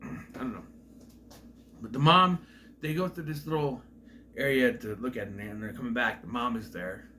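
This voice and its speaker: A man giving a casual, rambling recap of a film's plot, with restarts and asides, who sometimes acts out characters' lines in loud voices. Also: mid-range voice, normal speed, pauses often, a little hiss or hum. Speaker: film reviewer.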